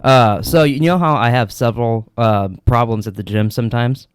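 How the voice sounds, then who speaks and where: A man's voice: medium pitch, normal speed, clean tone. A young man co-hosting a podcast, telling rambling, profane stories in casual chat. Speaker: podcast co-host.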